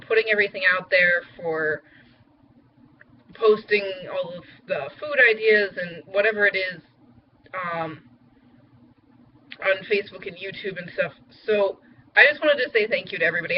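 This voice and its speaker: A woman's voice: on the low side, highs cut off, a little hiss or hum. A young woman chatting casually in a vlog update, rambling with lots of fillers. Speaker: vlogger.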